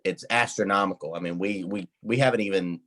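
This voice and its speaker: A man's voice: deep voice, a little fast, fairly bright tone. A young man in college co-hosting a casual sports podcast, telling rambling anecdotes and laughing often. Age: young adult. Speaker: podcast co-host.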